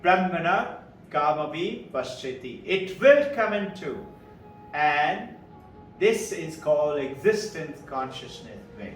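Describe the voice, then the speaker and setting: Animated older Indian man in echoey hall. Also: fairly high pitch, slow. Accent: Indian English. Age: 70s. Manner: animated, acts out quoted voices, chuckles. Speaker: spiritual speaker. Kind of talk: storytelling talk to a live audience. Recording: echoey hall, distant mic, faint music.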